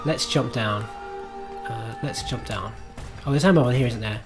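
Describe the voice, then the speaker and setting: Man, game streamer, self-mocking, chatty, game music behind, mid pitch. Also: moderate pace. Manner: self-mocking, chatty, swears and laughs at his own play. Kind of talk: live gameplay commentary.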